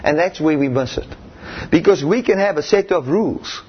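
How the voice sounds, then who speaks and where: Male preacher, animated sermon, husky voice, dull lo-fi sound. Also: on the high side, normal speed. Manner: emphatic, repetitive exclamations of hallelujah and amen. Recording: muffled lo-fi recording.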